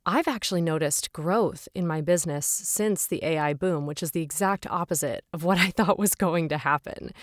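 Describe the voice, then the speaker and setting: A woman's voice: on the low side, dry recording, clean studio sound. A woman voice actor, a podcast guest, answering earnestly and reflectively, with frequent "um" fillers.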